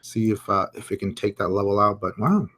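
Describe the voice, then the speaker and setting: A man's voice: fairly low pitch, a little fast, slightly rough. Chatty man hosting a crypto live stream. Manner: chatty, reads viewer comments aloud, thinks out loud with fillers. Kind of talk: casual live chart commentary.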